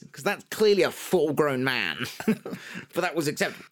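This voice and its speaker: A man's voice: a little high, very animated, moderate pace. A young man co-hosting a podcast, talking in a loose, rambling way and swearing. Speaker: podcast co-host. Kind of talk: casual chat.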